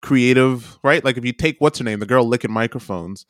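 A man's voice: medium pitch, a little fast, a bit bright, no room sound. Teasing male podcast co-host, dry sound. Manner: teasing, laughs often. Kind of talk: casual chat.

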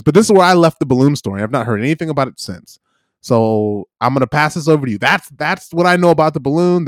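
In a studio-quality recording with no echo, a young man with a mid-range voice co-hosts a podcast. He spins a rambling tale in relaxed chat, using plenty of fillers and acting out the quotes.

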